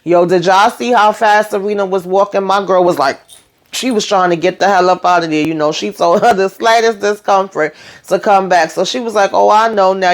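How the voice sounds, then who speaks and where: A woman in a casual recap, chatting emphatically to her viewers about the latest episode. Her voice sits at an ordinary middle pitch, and she leans on fillers as she retells each scene. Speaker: TV show recap host.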